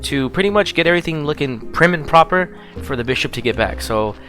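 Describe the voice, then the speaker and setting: A man talks casually through a video game, explaining each step in an easygoing, chatty way. His voice is low and relaxed, with some fillers. Quiet music plays in the background. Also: a little fast. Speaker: game streamer. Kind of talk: casual gameplay commentary.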